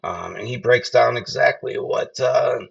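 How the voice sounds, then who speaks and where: A podcast host giving casual political commentary in a profane, mocking rant. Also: male voice, medium pitch, measured pace, gravelly, distant mic, lo-fi sound.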